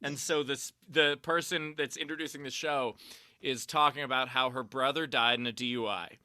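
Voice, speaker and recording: A man's voice: medium pitch, fairly even intonation, normal speed, sharp tone, clean tone, dry recording. A man hosting a comedy chat over a video call, telling profane stories and laughing through them. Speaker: podcast host and comedian. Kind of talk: casual chat, storytelling.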